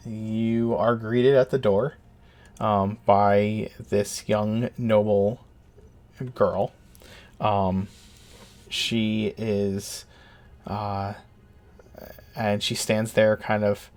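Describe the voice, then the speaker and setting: A man running a tabletop game as dungeon master, narrating hesitantly with many ums and uhs. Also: on the low side.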